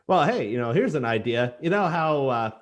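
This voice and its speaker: A man with a mid-pitched voice co-hosting a relaxed podcast chat. He answers with dry, deadpan remarks and winding, filler-laden explanations. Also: moderate pace. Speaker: podcast co-host. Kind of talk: casual chat.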